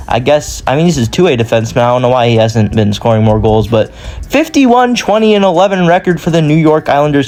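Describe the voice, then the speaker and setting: A man's voice: mid-range voice, a little mellow. A young man talking through a hockey sim career in casual commentary, rambling and often correcting himself mid-sentence. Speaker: gaming YouTuber.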